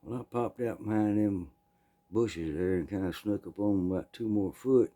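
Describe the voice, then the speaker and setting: A man, telling a true story in a plainspoken, folksy way, often clearing his throat. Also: on the low side, normal speed, mellow.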